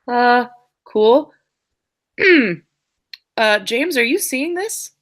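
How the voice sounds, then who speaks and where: A woman's voice: fairly high pitch, animated, drawn-out words, a bit bright. A woman playing a tabletop game, reacting wryly and speaking in character. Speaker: player.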